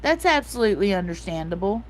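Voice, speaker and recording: A fast, sing-song, medium-pitched voice belongs to this forty-something livestream host, heard over slight background noise. She chats casually and emotionally, reading her live chat aloud, repeating herself, and peppering her talk with "um" and "like."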